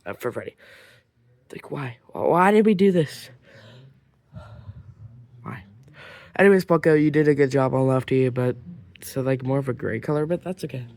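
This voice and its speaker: A man's voice: medium pitch, normal speed, long pauses, a little mellow, no room sound. Rambling man from Ireland, casual. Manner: rambling, filler-heavy, drops into near-whispers at times. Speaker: toy collector vlogger. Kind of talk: casual collection show-and-tell.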